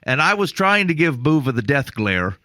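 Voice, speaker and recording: A man's voice: fairly high pitch, very animated, moderate pace, pushed and bright, dry recording, studio quality. A man hosting a podcast, from Iowa, telling a long rambling story in casual chat with laughs. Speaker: podcast host.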